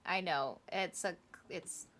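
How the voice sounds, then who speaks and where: A woman's voice: fairly low pitch, slow pace, a bit bright. A woman co-hosting a podcast, telling a history story in a casual, chatty way with laughing asides. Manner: chatty, laughing asides and playful quoted voices.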